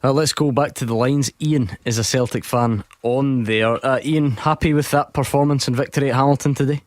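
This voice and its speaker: A man's voice: mid-range voice, fairly even intonation, fairly quick. A man hosting a radio phone-in, questioning callers in a dry, incredulous way.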